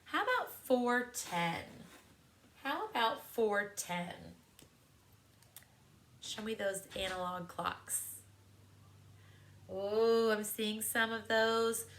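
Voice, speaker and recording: Bright, slow-speaking woman teacher. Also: fairly high pitch, lively intonation, a little hiss or hum. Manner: encouraging, sing-song questions to children. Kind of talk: classroom lesson to young students.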